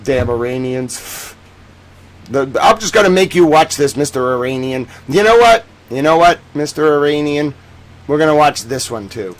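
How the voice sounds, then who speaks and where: A man hosts a livestream of news commentary, his voice sitting a little higher than most men's. He talks in a theatrical, sarcastic way, swinging between booming proclamations and low asides. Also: animated, moderate pace. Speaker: host. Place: home studio in Boston.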